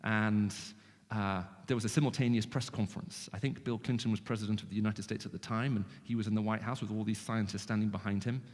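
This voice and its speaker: A man with a British English accent who grew up in the Middle East, giving an animated, joking evangelistic talk to students with frequent restarts. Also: lowish voice, fast talker. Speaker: guest speaker. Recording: long hall reverb.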